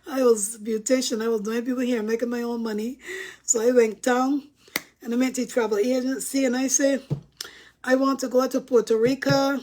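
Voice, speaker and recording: Bajan woman vlogger with a fairly high voice, chatty storyteller who laughs a lot. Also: a little mellow. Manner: chatty, laughs often, addresses viewers as guys. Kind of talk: casual storytelling to camera.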